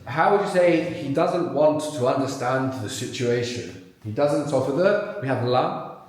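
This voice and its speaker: A man's voice: medium pitch, expressive, measured pace. Man teaching in a very echoey hall. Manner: patient, questioning, prompts learners step by step. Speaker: language teacher. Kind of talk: live language workshop teaching. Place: large live venue with audience.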